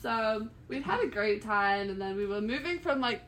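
A woman in her twenties, co-hosting a casual podcast, telling a story in a relaxed way with lots of fillers. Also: fairly high pitch, slight background noise. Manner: relaxed storyteller, filler-heavy, quick to laugh. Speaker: podcast co-host. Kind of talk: casual chat.

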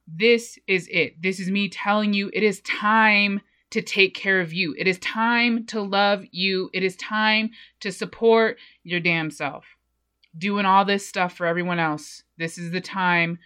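A young woman hosts her podcast in an energetic, profane monologue. Her voice is bright and forceful, pushing hard as she hypes up the listener. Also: medium pitch, moderate pace. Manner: blunt, profane and fired up. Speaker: podcast host.

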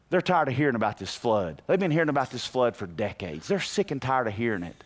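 Animated, lively-voiced man preaching. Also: medium pitch, quick pace, hardly any pauses. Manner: animated preaching, rising to shouts, asks the congregation questions. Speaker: pastor. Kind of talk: sermon.

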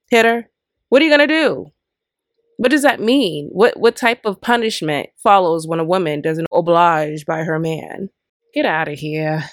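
A woman's voice: lowish voice, dry recording. Exasperated woman ranting into a dry mic. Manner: exasperated, fires rhetorical questions. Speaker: podcast host. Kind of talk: opinionated commentary rant.

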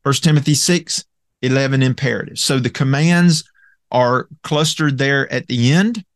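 Halting male Bible teacher with gravelly voice. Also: medium pitch, no room sound, clean studio sound. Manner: halting, many fillers and restarts; methodical, walks through charts and Greek word roots. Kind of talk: recorded Bible lecture with slides.

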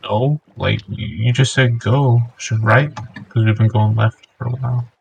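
Gravelly, husky young man gaming. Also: medium pitch, fairly even intonation, a little slow, dull audio. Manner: joking, teasing banter. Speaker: gamer. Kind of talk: casual co-op gameplay chat.

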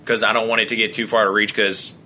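A man's voice: on the low side, level tone, quick pace, bright, forceful tone. A young man co-hosting a casual podcast chat, joking, swearing and laughing often. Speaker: podcast co-host.

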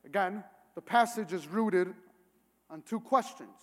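Man preaching, really high voice, earnest and gets loud and emphatic, big echoey church sound. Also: slow. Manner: earnest, builds to emphatic near-shouting. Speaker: pastor. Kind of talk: sermon. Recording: long hall reverb.

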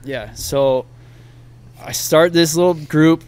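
Animated man telling a story. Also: fairly high pitch, slow, clean tone. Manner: animated, laughing, quotes others. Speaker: podcast guest. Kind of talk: casual storytelling.

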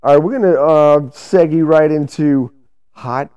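This podcast co-host tells rambling, easygoing stories with some swearing as part of casual banter. He speaks at a measured pace in a higher voice that is warm, clear, and resonant, though the recording is dry and dull.

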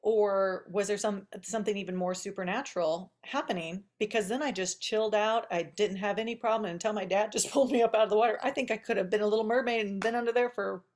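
A woman in the middle of her natural pitch range tells a personal story on a podcast. Her talk is chatty and loose, full of asides, and she laughs often as she goes. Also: fairly even intonation, fast, hardly any pauses. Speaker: podcast host. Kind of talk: casual storytelling chat.

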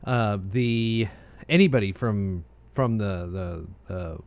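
A man's voice: on the low side, slow, clear, resonant tone, dry recording. An American man co-hosting a casual chat show, meandering easily with frequent asides. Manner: relaxed, meandering, many restarts and filler asides. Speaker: co-host.

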